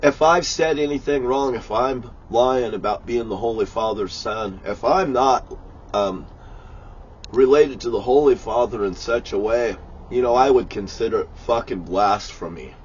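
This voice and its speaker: A man in an angry, profane religious rant, talking erratically and often shouting. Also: medium pitch, a little slow, dull audio, slight background noise. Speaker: vlogger.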